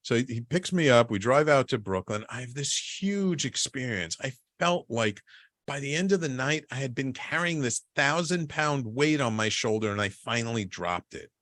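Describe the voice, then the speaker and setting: Guy telling a long story on a podcast, gets animated doing other people's lines, trips over words a bit, dry close sound. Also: medium pitch, moderate pace, dry recording. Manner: animated, acts out quoted people in a raised voice; frequent restarts and repeated words. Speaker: guest. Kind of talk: conversational storytelling.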